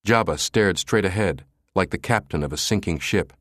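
A man narrating an audiobook thriller in a dramatic, expressive reading. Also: low voice, normal speed, dry recording, clean studio sound. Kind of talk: scripted narration.

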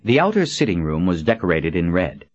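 A man narrating an audiobook in a measured storytelling manner. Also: low-pitched, no room sound, dull audio. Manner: measured storytelling with expressive character voices.

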